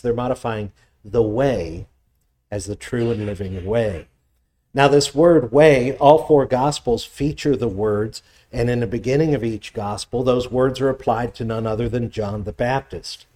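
A man delivers a teaching sermon in a mellow, relaxed voice, thoughtful and steady. He stops now and then to restart a phrase. When he reads scripture aloud, his voice rises for emphasis. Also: medium pitch. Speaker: pastor. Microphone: presenting with slides on screen.

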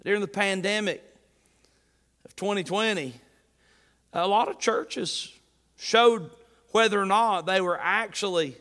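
High-voiced preacher in a reverberant hall. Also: male voice, a bit bright. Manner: folksy, jokey preaching with rising emphatic bursts. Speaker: pastor. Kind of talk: sermon. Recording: long reverb of a large hall.

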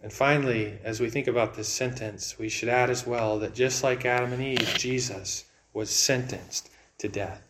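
A man preaching a sermon in an earnest way, repeating words and swinging between raised and hushed delivery. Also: medium pitch, steady tone, normal speed, hardly any pauses, a little hiss or hum.

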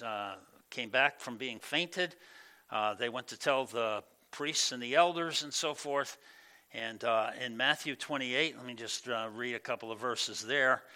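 A man's voice: medium pitch, sharp tone. A male pastor giving a conversational sermon, with many fillers and acted-out quoted voices. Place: church.

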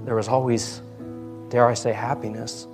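A man's voice: medium pitch, flat delivery, moderate pace, over music. A man preaching a sermon in a church, earnest and conversational, with emphatic asides. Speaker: pastor. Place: church sanctuary.

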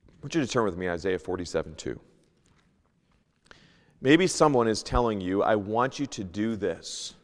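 A man teaching a Sunday school lesson, reading King James scripture aloud and moving between loud emphasis and hushed asides. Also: fairly low pitch, expressive, normal speed, long pauses, long reverb tail. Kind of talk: Bible teaching, sermon. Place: church.

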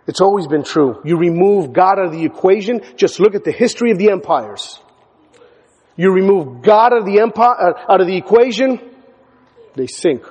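A male pastor preaching a sermon, emphatic, hammering words through repetition and building to near shouts. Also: a little high, slightly rough. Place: church sanctuary. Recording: church hall with long reverb.

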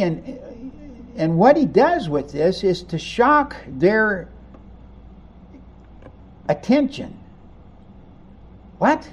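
A man preaching a sermon, animated, acting out the voices of people in the story as he teaches. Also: high-pitched, slightly rough, muffled recording. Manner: animated, acts out voices of the crowd and disciples. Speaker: pastor.

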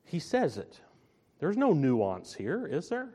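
A man preaching a sermon, slow and emphatic, stressing and repeating his key phrases. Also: fairly high pitch, huge pitch swings, warm tone, breathy edge.

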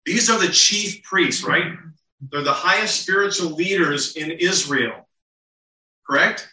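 Male pastor, sermon, earnest rhetorical questions, very bright voice, slightly high, roomy echo. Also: measured pace. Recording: roomy and distant.

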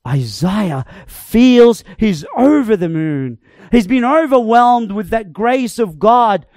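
A preacher delivering an emphatic, dramatic sermon that swings between loud cries and quiet asides. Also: medium pitch, dry recording, studio quality. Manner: emphatic, dramatic, varies loudness and tempo.

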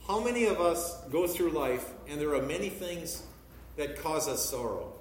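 A man's voice: a little high, lively intonation, slight background noise. Man preaching in an echoey hall. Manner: preaching with emphatic, measured scripture reading. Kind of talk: sermon. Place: church sanctuary. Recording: echoey church hall from far off.

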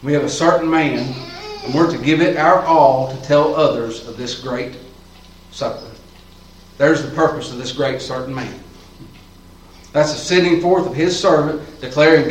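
A man's voice: medium pitch, a little slow, pauses often. A man preaching a sermon in a church, in a folksy, fervent style with plain colloquial talk. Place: church sanctuary. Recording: roomy echo, voice from far off, faint ambience.

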